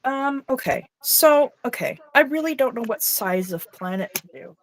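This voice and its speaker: A woman's voice: on the high side, lively intonation, normal speed, poor audio. A woman co-hosting an art stream over a video call, chatting casually and emotionally as she paints, swearing now and then. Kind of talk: casual chat while painting.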